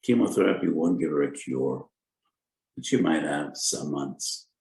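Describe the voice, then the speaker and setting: Rabbi lecturing on Jewish law: deep gravelly male voice, slow deliberate delivery, echoey room. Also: darkish tone. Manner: deliberate, cites sources with Hebrew terms. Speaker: rabbi giving a Torah lecture.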